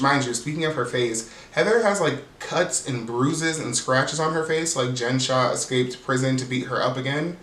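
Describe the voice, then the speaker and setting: A man's voice: medium pitch, fairly bright tone, far from the mic. A man hosting a casual, sassy reality TV recap, swearing freely and mimicking cast members. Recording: roomy, off-mic sound with faint background hiss.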